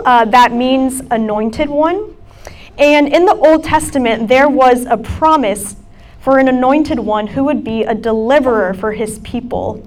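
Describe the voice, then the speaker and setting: A young adult woman gives a casual, chatty sermon to students, with many fillers. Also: high-pitched. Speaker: campus ministry speaker. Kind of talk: sermon talk.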